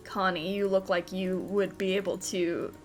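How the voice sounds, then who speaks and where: A woman's voice: on the low side, flat delivery, normal speed, over music. A woman hosting a casual let's-play, chatting and giggling through the game with lots of filler words. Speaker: gaming video host.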